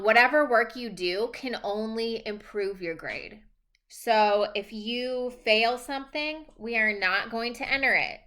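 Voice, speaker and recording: A woman's voice: mid-range voice, bright, forceful tone. A woman teacher recording casual, reassuring class instructions at home, checking in often with the students.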